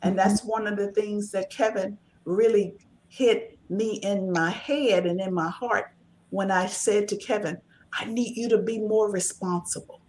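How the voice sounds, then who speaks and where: A woman's voice: medium pitch, steady tone, measured pace, a little mellow, slight background noise. A woman talking earnestly and emphatically in a casual discussion, giving encouraging advice. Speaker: author and guest.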